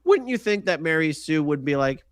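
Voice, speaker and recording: A man's voice: a little high, sing-song, normal speed, no room sound. A man hosting a live-stream panel chat, reading viewer comments aloud and pressing guests with pointed questions. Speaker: host.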